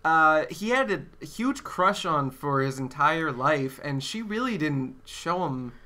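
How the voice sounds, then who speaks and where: Lively, bright-voiced sarcastic man. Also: a little high, slow. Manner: sarcastic, teasing, swears freely. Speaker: podcast co-host. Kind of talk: casual comedy podcast banter.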